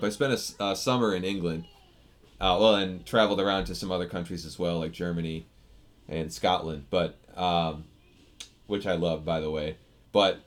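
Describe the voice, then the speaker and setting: A man from the States hosts a laid-back live stream, chatting through viewer comments. His voice sits slightly low, and his talk rambles with easy restarts. He speaks close to a desk microphone. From United States. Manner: chatty, reads viewer comments and answers them, loose with restarts. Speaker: software developer streaming live. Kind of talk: casual live-stream chat.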